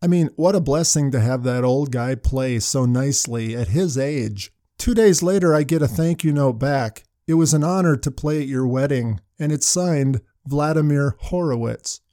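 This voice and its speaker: Older male pastor with a dark voice. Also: medium pitch, normal speed, hardly any pauses, no room sound, studio quality. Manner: storytelling with anecdotes. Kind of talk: sermon.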